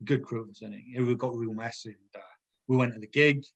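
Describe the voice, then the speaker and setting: A man's voice: mid-range voice, fairly even intonation, a little fast, gravelly, husky, dull audio. A middle-aged man, a former footballer, chatting as a podcast guest and telling long rambling anecdotes full of restarts. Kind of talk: casual podcast chat.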